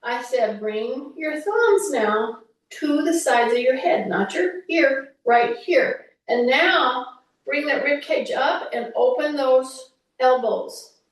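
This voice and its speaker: A woman's voice: high voice, lively intonation, slow. A woman, a fitness instructor, talking viewers through a workout in a chatty, coaching way with teasing asides. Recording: echoey room, voice from a distance.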